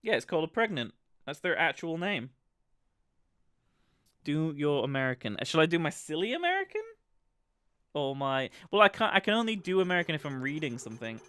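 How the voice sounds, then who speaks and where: A man's voice: a little high, big pitch swings, fairly quick, pushed and bright, clear, resonant tone, no echo, studio quality. A man with a British accent giving rambling, casual commentary while livestreaming a game. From Britain. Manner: chatty, rambling, with many fillers. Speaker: livestream gamer.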